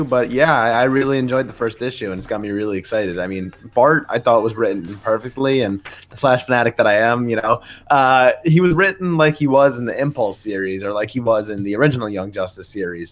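A man co-hosting a podcast, giving relaxed, enthusiastic fan opinions on a comic and laughing along. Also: medium pitch. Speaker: podcast co-host. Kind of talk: casual comic book chat.

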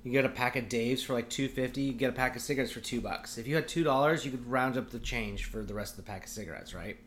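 A man in his forties talking loosely and profanely as he rants through a podcast story. His pitch sits at an ordinary middle height, and a faint hiss of noise runs under the voice. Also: quick pace, a bit bright. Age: 40s. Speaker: podcast co-host. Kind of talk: casual podcast chat.

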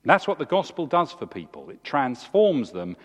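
A man, preaching a sermon in a church with emphatic, animated delivery. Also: normal speed. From England. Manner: animated, emphatic preaching with big swings in pitch. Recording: long hall reverb.

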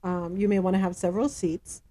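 A woman's voice: lowish voice, steady tone, a little fast, noisy background. A woman hosting a casual news show, reading stories and giving emphatic commentary full of rhetorical questions. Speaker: host.

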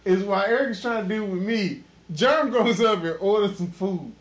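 A man hosting a casual podcast, loudly telling a drunk, profane story full of laughter. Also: high-pitched, normal speed, slight background noise. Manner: loud, profane, laughing, acts out quotes. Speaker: podcast host.

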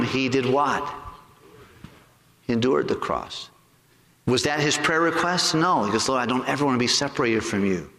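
A man preaches a sermon in a church sanctuary, his voice pitched in an ordinary middle range. He puts rhetorical questions to the congregation and slows down to draw out key words. The sound echoes around the big room, with a long reverb tail behind every phrase. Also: fairly bright tone. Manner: stretches key words slowly for emphasis. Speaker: pastor.

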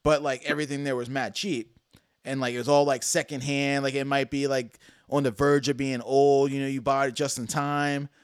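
A man's voice: medium pitch, little pitch movement, moderate pace, clean tone, dry recording, clean studio sound. A man hosting a casual chat, laid-back and slangy.

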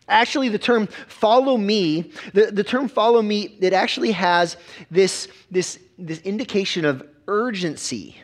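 A man, a pastor preaching a sermon with emphatic repetitions and quick restarts. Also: high voice.

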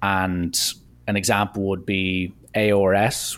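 A young Irish man hosting a podcast, chatting casually and pausing often to search for words. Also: low voice, little pitch movement. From Ireland. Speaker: podcast host. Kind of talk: casual chat.

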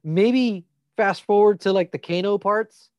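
A man's voice: high-pitched, a little slow, clean tone, no room sound, highs cut off. A man co-hosting a casual podcast chat, laid-back, laughing often and swearing casually. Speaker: podcast co-host.

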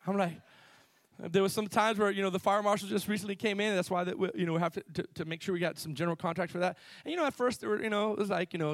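A pastor preaching a sermon in a church, telling stories in an animated way and swinging between loud bursts and quiet asides. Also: male voice, high-pitched, fast talker, dry recording. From Miami.

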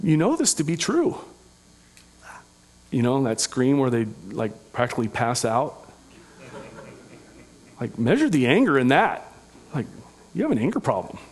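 A middle-aged pastor preaching a sermon in an earnest, conversational way, with folksy asides and humor. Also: male voice, mid-range voice, wildly swooping pitch, unhurried, pauses often, slight background noise.

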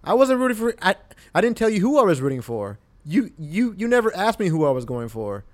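A young man co-hosts a casual podcast and argues his side insistently. He repeats the same point over and over and swears as he talks. His voice runs a little high. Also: very animated, a little fast. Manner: defensive, insistent, repeats himself. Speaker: podcast co-host.

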